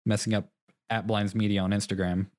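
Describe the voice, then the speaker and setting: A young man with a fairly low voice chats casually as a podcast co-host. He rambles and restarts his sentences, often laughing at himself. The recording is dry and close. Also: level tone, fairly quick, darkish tone, dry recording. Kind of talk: casual chat.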